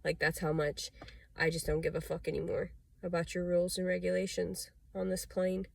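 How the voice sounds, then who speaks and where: A woman's voice: lowish voice, monotone, normal speed, gravelly, darkish tone, dry recording. A woman talking straight to camera in a confessional vlog, rambling and agitated, swearing often. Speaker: vlogger.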